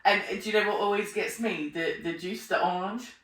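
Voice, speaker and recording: A woman chatting in an interview, animated, acting out her own remarks and laughing often. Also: mid-range voice, a little fast, crowd noise. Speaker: podcast host being interviewed. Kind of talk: casual conversational interview. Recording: roomy sound, mic at a distance.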